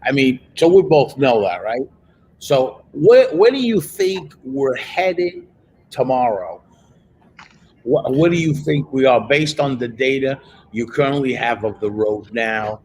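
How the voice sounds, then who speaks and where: A man's voice: mid-range voice, expressive, a little slow, a little mellow, husky, rough recording. A man hosting an interview, talking conversationally and often checking in with "right?". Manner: conversational, asks questions with frequent "right?". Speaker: host. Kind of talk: interviewing a guest.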